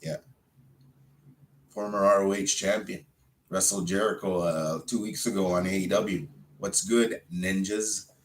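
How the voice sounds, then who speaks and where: A man's voice: deep voice, fairly even intonation, measured pace, pauses often, slight background noise. Man ranting and cursing on his show. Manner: heated, swearing, loud outbursts then muttering. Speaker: wrestler hosting his own show. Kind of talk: unscripted profane rant.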